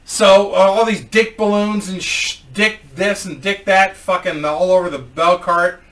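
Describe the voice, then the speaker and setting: A man tells a comic story, animated and swearing nonstop, in a high, bright voice. The sound is roomy, with the mic set back from him. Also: unhurried. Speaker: comedian storyteller. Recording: roomy echo, mic at a distance.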